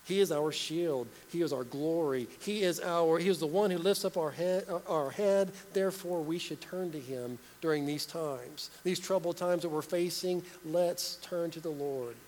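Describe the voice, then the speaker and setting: A man's voice: fairly high pitch, normal speed, hardly any pauses, a little mellow, in a large hall, slight background noise, poor audio. A man preaching a sermon, earnest, asking his listeners questions and repeating key phrases.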